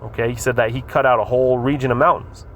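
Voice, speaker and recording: A man's voice: medium pitch, steady tone, fast talker. Man teaching scripture casually over traffic. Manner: informal, repetitive, frequent "man" and "all right". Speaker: religious teacher.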